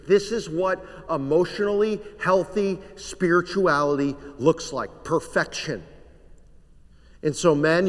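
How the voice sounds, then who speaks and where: A man preaching a sermon, earnest and measured, letting his voice sink to a quiet hush on the weightier lines. His voice sits a little high for a man. A long reverb trails every phrase, as in a large sanctuary. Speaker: pastor.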